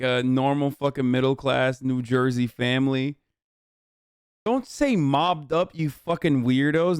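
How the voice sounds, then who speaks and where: A man's voice: fairly high pitch, smooth, no room sound, clean studio sound. A man streaming and riffing bluntly and profanely on a cooking show he is watching. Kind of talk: casual chat.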